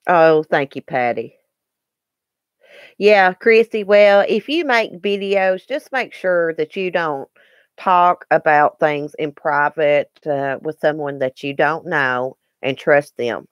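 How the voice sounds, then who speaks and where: A woman's voice: deep voice, slow, clear, resonant tone, no echo, studio quality. A woman hosting a casual live stream, chatting earnestly with viewers and replying to their comments. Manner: chatty and earnest, with frequent ums and restarts. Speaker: YouTube live-stream host.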